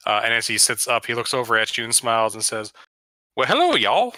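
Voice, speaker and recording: A man's voice: on the low side, completely flat delivery, quick pace, bright, forceful tone, smooth, dry recording. A man running a tabletop game as dungeon master, narrating casually with lots of fillers over voice chat. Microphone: headset or desk mic on voice chat.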